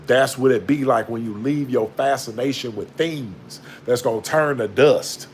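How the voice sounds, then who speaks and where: A man giving a blunt, profane, preachy spiritual monologue to a low-held phone camera. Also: measured pace, slight background noise. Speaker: vlogger.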